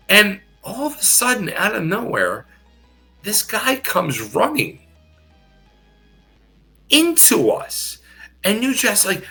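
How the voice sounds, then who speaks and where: Middle-aged man, gravelly bright voice, unhurried, lively pitch, swearing storyteller. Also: faint music behind. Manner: animated, profane, laughing, repeats himself. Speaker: podcast guest, former pro wrestler. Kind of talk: casual storytelling.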